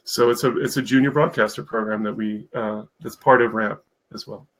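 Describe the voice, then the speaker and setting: A man's voice: fairly low pitch, steady tone, brisk, fairly bright tone, poor audio. A man talking as a guest on a live stream, enthusiastic and rambling, with many fillers. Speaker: guest, mentorship program founder. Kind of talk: casual live-stream interview.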